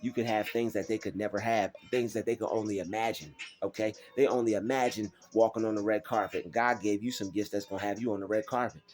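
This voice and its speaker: Low-voiced guy w/ aave preaching motivation, faint music behind, gets real animated. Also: quick pace, few pauses. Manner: preachy, animated, acts out doubters in mocking voices. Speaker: motivational vlogger. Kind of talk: faith-based motivational talk.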